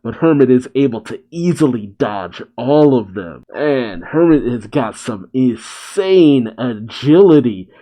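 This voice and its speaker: A man reading a manga chapter aloud and reacting, with relaxed narration broken by chuckles and exclamations. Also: medium pitch, unhurried, few pauses.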